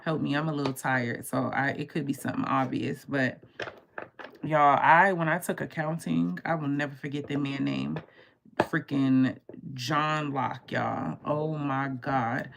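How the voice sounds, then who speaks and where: A woman tarot reader chatting casually on a live stream, telling stories in an animated way and swearing freely. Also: extremely low pitch, moderate pace, gravelly, a little hiss or hum.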